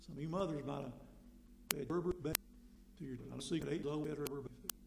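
A man preaching a sermon in a conversational way, asking rhetorical questions and suddenly getting loud for emphasis. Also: a little high, quick pace, gravelly, background noise. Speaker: pastor. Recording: echoey hall with long reverb.

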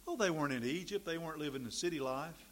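A man preaching a sermon in an animated, sarcastic way, swinging from quiet remarks to loud, emphatic bursts. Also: fairly high pitch, quick pace.

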